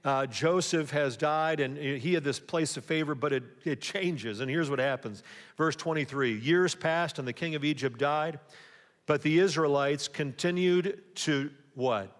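A man preaching a sermon as pastor, in a conversational way, often pausing to ask the congregation rhetorical questions. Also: on the high side. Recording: long hall reverb.

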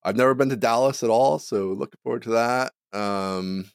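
A man's voice: medium pitch, normal speed, vocal fry, clean tone, dry recording, studio quality. A man co-hosting a casual podcast over a remote call, easygoing and thinking aloud. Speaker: podcast co-host. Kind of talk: casual chat.

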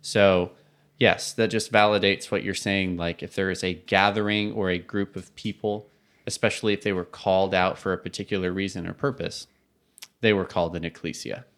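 A man's voice: low-pitched, fairly even intonation, moderate pace, fairly bright tone. A man co-hosting a casual podcast, explaining ideas and laughing easily. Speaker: podcast co-host.

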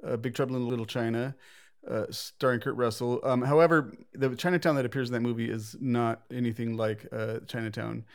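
A man's voice: medium pitch, fairly even intonation. A man hosting a casual podcast chat and leading the ranking with an enthusiastic manner. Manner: quick, enthusiastic, leads the ranking. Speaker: podcast host.

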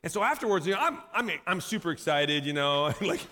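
Bright-voiced man preaching in an echoey hall. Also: sits high, brisk. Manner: animated, self-mocking storyteller who laughs often. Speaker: pastor. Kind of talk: storytelling sermon. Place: church sanctuary.

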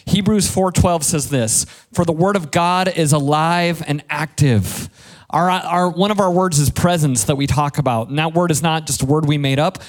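A man, a pastor preaching a sermon in a relaxed, joking, storytelling way. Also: fairly high pitch, moderate pace. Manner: conversational, playful storytelling with self-deprecating jokes.

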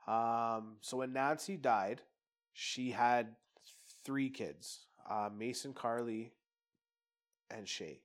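A man's voice: fairly low pitch, measured pace. A man telling a personal story in casual, rambling talk, candid and peppered with swearing.

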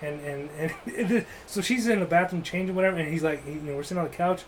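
A man's voice: high voice, quick pace, slight background noise, low-quality recording. A man telling a rambling, crude, joking story in casual chat, full of "like" and restarts.

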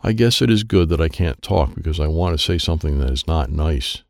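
Deep gravelly man reading a children's book. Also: animated, fairly quick, no room sound, studio quality. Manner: simple first-person telling as a boy. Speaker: audiobook narrator. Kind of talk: children's storybook narration.

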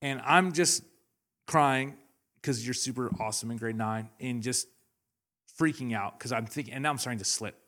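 Preaching in a church hall, a young Canadian pastor tells animated stories peppered with laughter and acted-out quotes. He has a mid-range voice, a moderate pace and a fairly bright tone.

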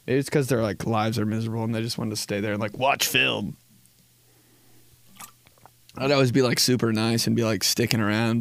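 Gravelly, rambling young man podcast host. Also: mid-range voice, a little fast. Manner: rambling, profane, laughs a lot, acts out quotes. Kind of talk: casual comedic podcast chat.

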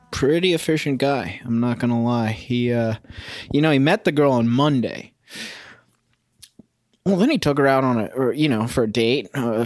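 Casting: young man, mid pitch, dry close sound, loose rambling solo-podcast host who amuses himself. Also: no echo. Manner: rambling and self-amused, sings snatches of a song. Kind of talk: casual solo podcast monologue. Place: home kitchen.

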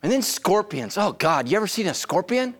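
A middle-aged man, a pastor, preaching an animated comic sermon full of storytelling, shouts and acted voices. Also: high voice, fairly quick.

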